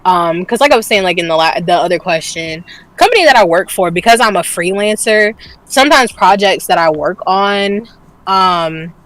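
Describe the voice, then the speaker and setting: A woman's voice: lowish voice, moderate pace, fairly bright tone, poor audio. Candid woman telling a story with laughs. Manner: candid storytelling, swears freely, laughs often. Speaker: podcast co-host. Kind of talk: casual chat.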